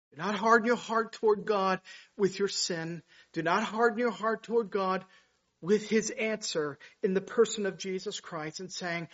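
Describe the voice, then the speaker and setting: A man's voice: high-pitched, measured pace, muffled recording. A man preaching a sermon, building to emphatic, rising bursts as he reads scripture. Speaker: pastor.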